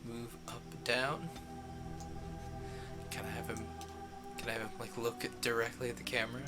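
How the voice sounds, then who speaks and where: A man's voice: medium pitch, flat delivery, normal speed, loud music behind the voice. A man streaming a game, rambling casually and chuckling at his own jokes. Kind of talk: casual gameplay commentary.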